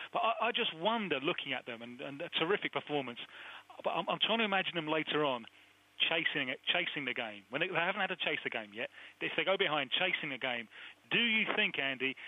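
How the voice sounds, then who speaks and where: Keen, halting male football pundit. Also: on the high side, no echo, muffled recording. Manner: keen, halting, stacks questions. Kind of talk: radio football discussion.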